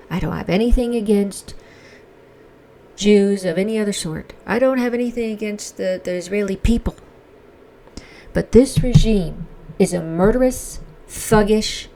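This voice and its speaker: A woman's voice: medium pitch, vocal fry, mellow, slight background noise. A woman giving an emotional, indignant opinion monologue as the host of a commentary channel. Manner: impassioned, indignant, emphatic. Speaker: commentary vlogger.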